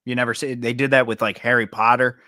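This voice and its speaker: A man hosting a casual sports podcast, talking in a relaxed, easygoing way. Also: medium pitch, fast, no echo, clean studio sound. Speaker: podcast host.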